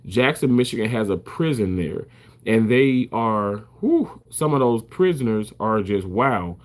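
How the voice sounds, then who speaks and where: A man's voice: fairly low pitch, animated, a little slow. Emphatic, swearing man talking to camera. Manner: emphatic, repeats himself, swears freely. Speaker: surgical first assist. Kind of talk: casual talk to camera.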